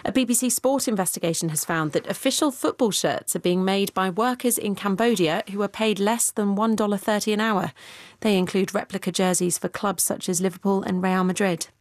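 A woman's voice: medium pitch, no echo, studio quality. Woman reading a radio news bulletin. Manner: measured, even delivery. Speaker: newsreader. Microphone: studio microphone.

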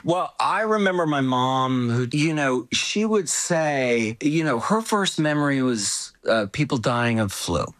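A man's voice: medium pitch, expressive, a little slow, few pauses, fairly bright tone. An older man telling family stories in a reflective, rambling way, full of asides and restarts. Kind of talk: reflective conversational storytelling.

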